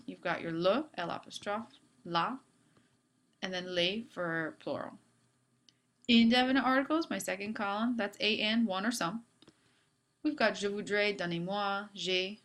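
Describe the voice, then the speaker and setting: A woman's voice: medium pitch, a bit bright. A woman teacher giving a video lesson on French grammar, upbeat with playful asides.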